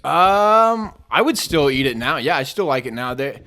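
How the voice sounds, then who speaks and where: A man's voice: a little high, very animated, moderate pace, sharp tone. A young man, a comedian guest on a podcast, rambling through stories in casual chat and acting out the voices of the people in them. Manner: rambling storyteller, acts out kids' voices.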